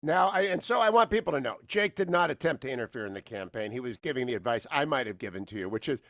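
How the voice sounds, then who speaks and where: Animated middle-aged radio host, dry mic. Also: male voice, fast, no echo. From northeastern Ohio. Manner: chatty, animated, drops to a low, quiet register for serious points. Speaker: radio talk show host. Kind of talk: radio interview.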